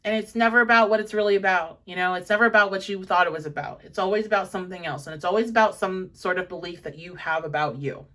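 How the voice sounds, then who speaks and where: A woman's voice: fairly low pitch, quick pace, hardly any pauses, sharp tone, far from the mic. A young woman giving a pick-a-card tarot reading in a chatty, encouraging, rambling way, full of fillers. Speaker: tarot reader.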